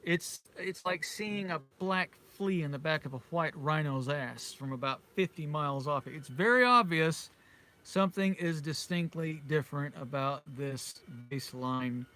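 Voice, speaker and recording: A man's voice: a little high, measured pace, bright, forceful tone. A middle-aged British man giving a rambling, conspiratorial monologue to camera, repeating himself and chuckling often. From Britain. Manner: conspiratorial, repetitive, with frequent chuckles. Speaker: vlogger.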